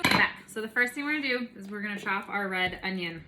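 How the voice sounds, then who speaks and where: A woman's voice: mid-range voice, lively intonation, fast talker, noisy background. A woman hosting a casual home cooking video, chatty and bubbly with playful asides, in her home kitchen.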